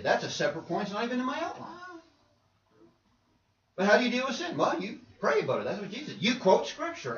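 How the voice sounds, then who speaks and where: Man, pastor, conversational sermon, animated voice, distant dull roomy recording. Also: high-pitched, slight background noise. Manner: conversational preaching with rhetorical questions. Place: church sanctuary.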